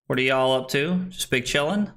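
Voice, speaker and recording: A man's voice: medium pitch, normal speed, a bit bright. A tipsy man streaming a card game, joking, laughing and swearing with his chat. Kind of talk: casual livestream chat over a card game. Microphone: streaming microphone.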